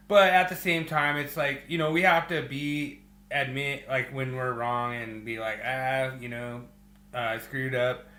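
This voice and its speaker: Bright-voiced man, relaxed football podcast host. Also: medium pitch, echoey room. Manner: relaxed, with many fillers. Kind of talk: casual chat.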